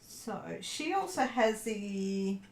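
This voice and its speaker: A woman with a mid-range voice and vocal fry speaks slowly yet animatedly as she crafts on a livestream. She chats casually with viewers and mutters to herself. The sound is echoey, with faint noise in the background.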